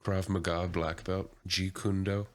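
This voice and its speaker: A man's voice: low voice, level tone, unhurried. A man co-hosting a podcast in casual chat, laid-back and dropping short, dry quips. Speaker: podcast co-host.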